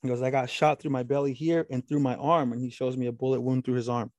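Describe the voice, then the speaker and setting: In a fast, flat delivery, a man with a slightly mellow voice spins out a long story in casual conversation. He curses a lot, keeps starting over, and quotes the other man at length in a low voice. There's no room sound.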